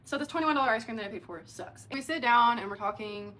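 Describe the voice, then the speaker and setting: A young adult woman telling a dating story in a casual, animated way, with lots of "like" fillers. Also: a little high, fast talker. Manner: chatty, animated, heavy use of filler "like".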